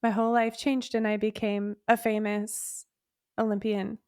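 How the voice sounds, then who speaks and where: A woman's voice: medium pitch, little pitch movement, normal speed, darkish tone, smooth, no room sound, clean studio sound. A woman co-hosting a podcast in casual chat, affectionate, teasing and candid. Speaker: podcast co-host.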